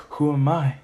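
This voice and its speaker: A man voicing a mysterious male attacker in a fan-made story, speaking in a low, threatening way. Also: warm tone.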